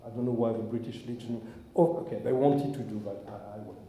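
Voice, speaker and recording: A man's voice: lowish voice, brisk, mellow. A man, a rabbi, giving an informal sermon to his congregation in a synagogue, earnest and searching. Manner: earnest, searching, with frequent restarts. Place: synagogue hall. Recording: echoey hall, long reverb.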